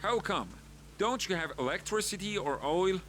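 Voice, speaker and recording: A man's voice: high-pitched, animated, normal speed, fairly bright tone, slight background noise. An actor voicing a polite, stiff young man who asks strangers for directions in video game dialogue.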